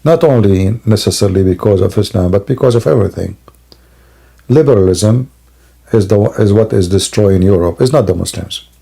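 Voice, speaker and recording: Sleepy home streamer, man, dark gravelly voice, rambling monologue. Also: fairly low pitch, fairly quick. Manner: rambling, broken grammar, many fillers. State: sleepy and yawning. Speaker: Christian apologist streamer. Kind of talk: casual live-stream monologue. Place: home, at a computer at night.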